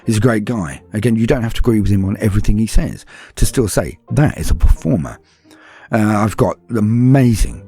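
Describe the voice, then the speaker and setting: A London man with a low, dark, slightly rough voice hosts a casual podcast. He answers patrons' questions in a chatty Q&A, self-deprecating and full of ums and little asides.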